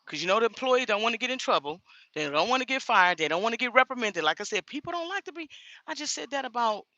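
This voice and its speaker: A middle-aged woman truck driver talks into her phone camera inside a grocery store, outspoken and animated. Her voice swings widely and has a bright, sharp edge. The sound is close and dry. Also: a little high, quick pace, no room sound, lo-fi sound. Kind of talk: casual vlog chat.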